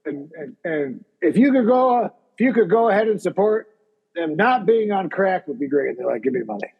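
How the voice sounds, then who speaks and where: A man's voice: high voice, lively intonation, moderate pace, creaky, slightly rough, big-room sound, phone-quality sound. A man hosting a comedy podcast, joking and rambling in a self-mocking way. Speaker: podcast host. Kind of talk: casual comedic chat.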